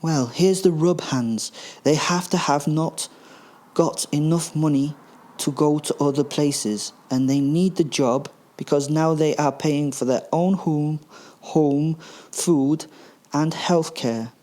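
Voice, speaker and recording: Smug, scheming boss, voice pitched high, explaining by a male podcaster doing a voice. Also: takes it slowly, warm tone. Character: smug scheming German tycoon man.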